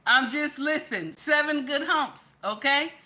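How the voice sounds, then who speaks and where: Bright, emphatic woman commentator. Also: high-pitched, measured pace. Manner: chatty and emphatic, keeps repeating "okay?"; addresses viewers directly as "baby" and "y'all". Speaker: social media commentator. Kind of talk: casual live commentary.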